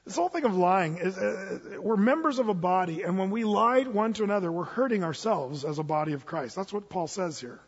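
High-pitched husky guy preaching, folksy and joking, trips over his words, dull echoey church sound. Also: fairly quick, fairly bright tone. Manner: folksy, stumbling restarts, humorous asides. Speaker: pastor. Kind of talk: conversational sermon. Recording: dull, reverberant hall sound.

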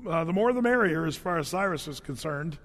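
A man's voice: on the high side, expressive, fairly quick, a bit bright, big-room sound. A man preaching a sermon as a pastor, telling stories in a casual, joking, conversational way full of "um" and "you know". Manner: casual, conversational, humorous storytelling; frequent fillers and restarts.

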